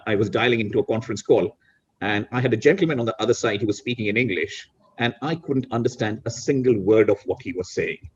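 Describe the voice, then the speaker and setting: A middle-aged man from India talks reflectively as a talk show guest, often restarting his sentences. His voice is husky and sits at an ordinary pitch. The audio is dull and lo-fi, as on a video call. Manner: reflective, many restarts and "you know". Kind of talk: casual interview chat.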